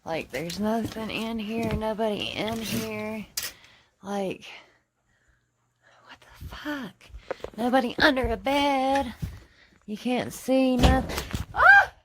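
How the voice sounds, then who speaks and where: A young woman films her own house on a handheld phone, rambling frantically and swearing a lot. Her voice sits on the high side and moves at a slow pace, with background noise behind it.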